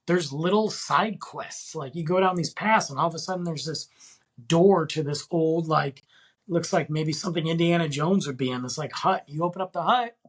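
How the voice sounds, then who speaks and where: Husky, excitable podcast guy. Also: a little high, moderate pace. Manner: enthusiastic, rambling, slangy. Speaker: podcast host. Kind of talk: casual podcast monologue.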